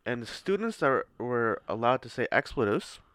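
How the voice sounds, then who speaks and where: A man's voice: mid-range voice, sing-song, normal speed, fairly bright tone, dry recording. Teasing man chatting on a podcast. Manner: teasing, laughs often. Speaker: podcast co-host. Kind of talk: casual chat.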